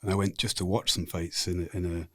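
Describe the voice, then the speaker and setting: A man's voice: low-pitched, flat delivery, brisk, sharp tone, no room sound, studio quality. A middle-aged man with a Scottish accent, a podcast guest telling frank, rambling stories in a casual interview. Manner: frank, rambling anecdotal storyteller.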